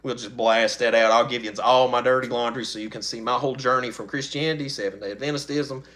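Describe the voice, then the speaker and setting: A man's voice: medium pitch, fairly even intonation, fast, fairly bright tone. A middle-aged man, chatting casually on his channel in a rambling, folksy way with frequent laughs. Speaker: channel host. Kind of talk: casual live-stream chat.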